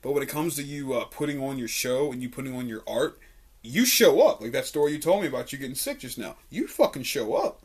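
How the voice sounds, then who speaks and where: A man's voice: medium pitch, expressive, brisk, slightly rough. A man in his twenties hosting a podcast, telling a story in laid-back casual chat, swearing freely and laughing often. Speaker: podcast host.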